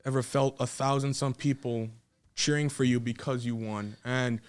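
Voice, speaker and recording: A man's voice: medium pitch, fairly even intonation, normal speed, clean tone. A 21-year-old man from South Texas, a guest wrestler telling a story in a casual, emotional, rambling way with frequent restarts.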